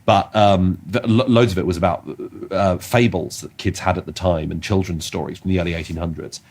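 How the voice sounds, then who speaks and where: Low, husky man telling rambling stories. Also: steady tone, brisk, darkish tone. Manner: rambling, self-interrupting storytelling with restarts. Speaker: podcast co-host. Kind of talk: casual comedy podcast chat.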